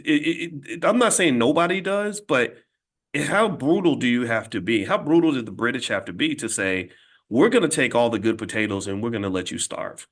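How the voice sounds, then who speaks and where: A middle-aged man hosting his own channel, telling stories in a blunt, animated casual monologue. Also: medium pitch. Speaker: host.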